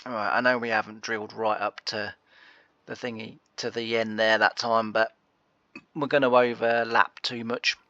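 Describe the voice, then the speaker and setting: A man's voice: on the low side, flat delivery, normal speed, sharp tone, dry recording, muffled recording. A man giving casual, rambling gameplay commentary on a farming game, full of fillers and asides.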